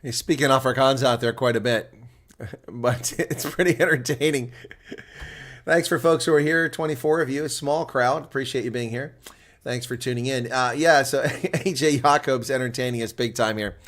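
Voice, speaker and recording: A man giving live play-by-play rugby commentary as a solo reaction streamer, talking casually and getting louder and more worked up when attacks build near the try line. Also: mid-range voice, a little fast. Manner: excitable, rising to near shouting on attacking plays.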